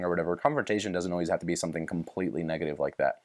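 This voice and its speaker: A man's voice: low-pitched, very fast. A young man hosting a podcast in casual chat, rambling and swearing freely as he works through his thoughts and retells movie scenes. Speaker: podcast host.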